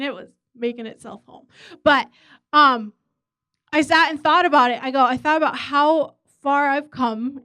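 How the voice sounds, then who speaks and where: A woman's voice: a little high, a bit bright, smooth, no room sound. A woman preacher in her thirties or forties, telling a chatty, self-mocking story in a sermon.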